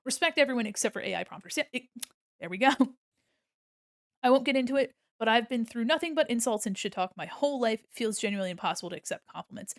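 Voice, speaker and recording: A woman's voice: on the high side, expressive, fast talker, no room sound, clean studio sound. Chatty swearing young woman streamer. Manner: rambling, swears freely, laughs often. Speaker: art streamer. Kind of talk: casual live-stream chat while drawing.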